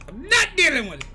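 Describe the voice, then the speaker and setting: A woman voicing a grumpy middle-aged male cartoon mad scientist, shouting and ranting over gameplay. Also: high voice, full character voice. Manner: shouty, ranting, self-pitying. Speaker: gaming streamer. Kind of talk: gameplay commentary in character.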